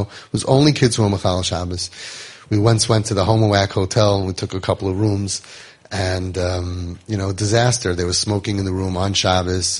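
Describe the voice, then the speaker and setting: Middle-aged man, husky low voice, lively storyteller. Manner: conversational, animated, acts out quotes. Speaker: founder of a home for troubled youth. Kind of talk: storytelling talk to parents.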